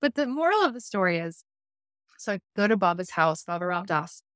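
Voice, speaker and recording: A woman, an intuitive life coach, telling a story in a casual podcast interview, animated and acting out her own inner voices, laughing often. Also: lowish voice, brisk, no room sound, studio quality.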